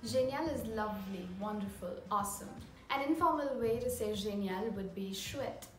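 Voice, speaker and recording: A woman teaching beginner French, upbeat and slowing down to model each pronunciation. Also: mid-range voice, far from the mic. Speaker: language teacher. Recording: roomy echo, off-mic, audible room noise.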